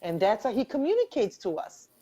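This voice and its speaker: A middle-aged woman hosting a live video interview, telling a personal story in animated, rushing bursts and earnestly encouraging her guest. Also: a little high. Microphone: webcam or phone on a video call. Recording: dull lo-fi livestream audio.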